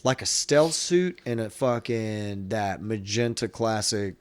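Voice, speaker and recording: A man's voice: on the low side, animated, takes it slowly, clear, resonant tone. A man hosting a podcast in casual chat, rambling and swearing freely. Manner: rambling, profane, many restarts. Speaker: podcast host.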